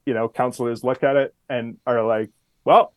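A man speaks as a guest commentator in a loose, casual interview, leaning on fillers and slipping into a different voice to quote others. His pitch sits at an ordinary middle level, and the sound is dry and close. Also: fairly quick, smooth, no echo. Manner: relaxed, filler-heavy, quotes people with a shifted voice. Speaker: guest commentator on city politics.

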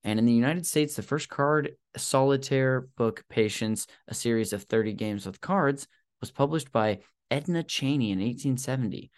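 A man's voice: medium pitch, normal speed. A man hosting a casual podcast, sharing facts in a rambling, hesitant way with many fillers and self-deprecating asides. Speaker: podcast host.

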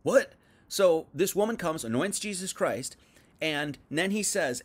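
A man teaching on a Bible passage in a livestream, chatty, dropping to quiet asides and then rising to emphatic bursts, reading verses aloud and paraphrasing them loosely. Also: high-pitched, sing-song, moderate pace. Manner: conversational, swings from quiet asides to emphatic outbursts. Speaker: preacher.

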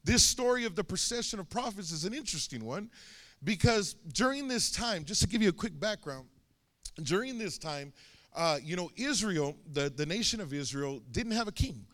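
A man's voice: high-pitched, animated, normal speed, a bit bright. A young man preaching a sermon, telling a personal story with many fillers and restarts. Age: young adult.

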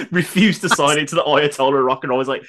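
A man's voice: on the high side, brisk. A man co-hosting a podcast, telling stories in casual chat and laughing often. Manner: laughing often, animated storyteller. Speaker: podcast co-host.

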